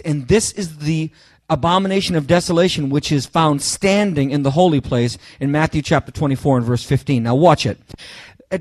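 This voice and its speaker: A man with a fairly high voice delivers a sermon, pressing his points with sudden loud bursts and talking straight to his listeners. He stumbles and restarts phrases as he goes. The sound is dry and close, with no room around it. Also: animated, no echo. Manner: emphatic, rising to loud bursts on key phrases; halting restarts, addresses listeners directly. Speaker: preacher.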